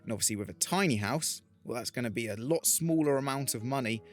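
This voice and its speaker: A man's voice: medium pitch, animated, fast, soft background music. A man vlogging in an earnest, motivational way, telling stories and giving advice. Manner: earnest, motivational, retells a parable. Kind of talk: reflective talking-head storytelling.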